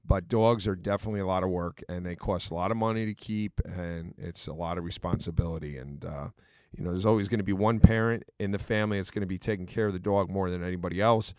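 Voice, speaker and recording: A man's voice: deep voice, fairly even intonation, quick pace, darkish tone, clear, resonant tone. A middle-aged man co-hosting a casual talk show, earnest and storytelling, with many fillers. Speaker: podcast co-host. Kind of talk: casual chat.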